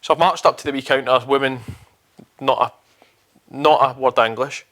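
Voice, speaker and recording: A man's voice: mid-range voice, fairly even intonation, moderate pace, a bit bright. A young Scottish man with a Scottish accent, co-hosting a podcast and rambling through a travel story with casual swearing. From Scotland. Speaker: podcast co-host.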